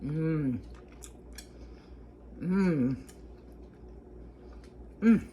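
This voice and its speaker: A woman's voice: sits low, lively intonation, drawn-out words, dark tone, muffled recording, a little hiss or hum. A woman hosting a casual cooking vlog, homey and talkative, repeating herself and humming as she tastes. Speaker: cooking vlogger.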